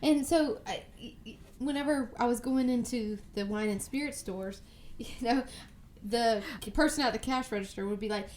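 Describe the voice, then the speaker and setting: A woman, co-hosting a podcast in casual chat, bubbly and quick to laugh along. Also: on the high side, darkish tone, a little hiss or hum. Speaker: podcast co-host.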